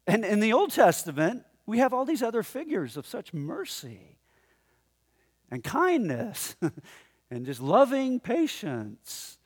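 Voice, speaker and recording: A man preaching a sermon in a conversational, animated way, often chuckling as he talks to the congregation in the room. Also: high-pitched, slow, husky. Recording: long hall reverb.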